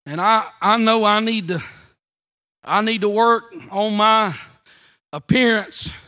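A man with a Southern US accent preaching a fervent Pentecostal sermon in a church, shouting hard and then dropping to quiet asides. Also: sits high, steady tone, slow pace. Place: church sanctuary.

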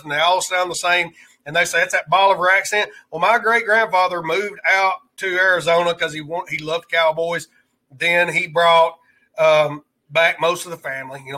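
A man's voice: a little high, pushed and bright. A man with a rural Alabama twang, hosting a casual live stream, rambling through topics and greeting viewers in the chat. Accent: Alabama Southern rural twang. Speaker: livestream host.

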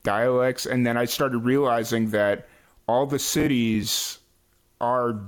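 A man's voice: mid-range voice, steady tone, slow pace. Easygoing American man hosting a chat. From United States. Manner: hesitant, many fillers and restarts. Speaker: podcast host. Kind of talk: casual interview chat.

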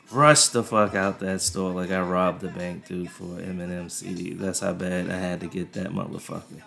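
A man's voice: low voice, gravelly. A man in his thirties hosting a podcast, telling a rambling story on a desk mic, laid-back and full of profanity. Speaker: podcast host. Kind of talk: casual storytelling monologue. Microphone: desk USB mic. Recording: faint music underneath.

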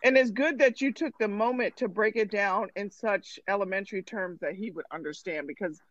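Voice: medium pitch, fairly quick, a bit bright, dry recording. Easygoing host on lo-fi audio. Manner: easygoing, reads out audience messages. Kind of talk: casual chat. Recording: dry, dull lo-fi audio.

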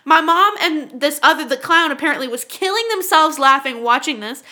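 A young woman from Canada, co-hosting a podcast, telling a story in an animated, profane way and acting out the voices. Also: sits high, a little fast. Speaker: podcast co-host. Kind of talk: casual storytelling chat.

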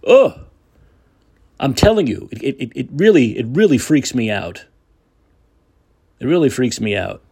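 A man's voice: medium pitch, big pitch swings, moderate pace, long pauses, darkish tone, breathy edge. A man hosting a political talk show, delivering a combative, sarcastic monologue with profanity. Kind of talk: opinionated monologue.

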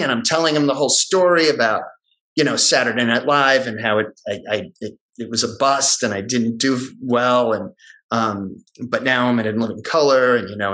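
A middle-aged man in casual conversation, telling a story in an animated way and acting out the voices of the people in it. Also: medium pitch, normal speed, poor audio. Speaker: guest actor telling a story.

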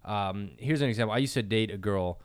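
A man's voice: fairly low pitch, a little fast, clear, resonant tone. A young man from Canada hosting a casual podcast, telling rambling stories full of "like" fillers, close to the mic. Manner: rambling storyteller, lots of "like" fillers. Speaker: podcast host.

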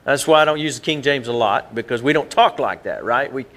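A middle-aged pastor preaches in a church sanctuary, his medium-pitched voice brisk and a bit bright. His sermon is conversational, with frequent repeated words and restarts as he jumps back and forth.

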